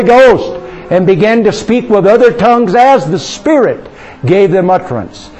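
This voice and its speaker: High-voiced man leading fervent prayer. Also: animated, rough recording. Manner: fervent, intimate, coaxing the listeners to pray aloud; drifts into soft, slow speaking in tongues. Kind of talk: charismatic prayer session.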